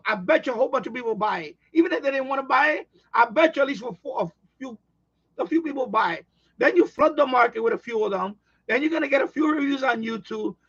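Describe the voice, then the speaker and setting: A man hosting a radio hobby livestream, chatting casually with viewers in a rambling, excitable way with many restarts. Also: very high-pitched, slightly rough, highs cut off. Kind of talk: casual livestream chat reading viewer comments.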